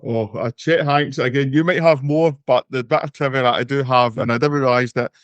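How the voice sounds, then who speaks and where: A man's voice: medium pitch, steady tone, fairly quick, no room sound, lo-fi sound. Easygoing Scottish man, mid voice. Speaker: podcast co-host. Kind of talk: casual chat.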